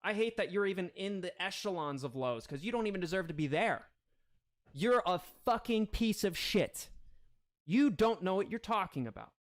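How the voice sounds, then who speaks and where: High-voiced man in a profane angry rant. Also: animated, normal speed. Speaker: livestream host. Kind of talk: profane ranting livestream commentary.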